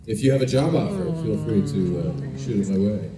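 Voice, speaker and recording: Guest actor at a fan panel, low voice, wisecracking and relaxed, captured from a distance in a big echoey hall with background noise. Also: male voice, fairly quick, music in the background. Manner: joking, laid-back, rambling. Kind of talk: casual Q&A answers. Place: large indoor convention hall.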